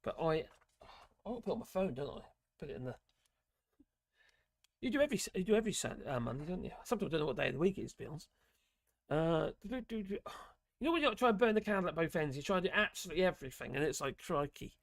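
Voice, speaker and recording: Rambling and chatty on his live stream, a man works through viewer messages, reading them out loud. He's losing his voice, which sits a bit high and turns creaky and sing-song; he talks very fast yet leaves long pauses. The recording is close and dry, without echo.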